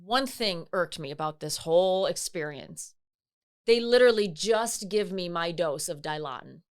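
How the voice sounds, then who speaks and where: A woman's voice: lowish voice, normal speed, clean tone. Chatty woman telling a story. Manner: animated, acts out quoted voices. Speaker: podcast co-host. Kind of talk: casual chat, storytelling.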